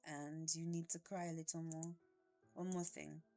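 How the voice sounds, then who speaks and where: A woman puts on a mellow, unhurried man with a French accent. He talks softly and stays calm. Faint music plays under the voice. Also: low-pitched. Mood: gentle. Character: soft-spoken man, calm cigarette smoker.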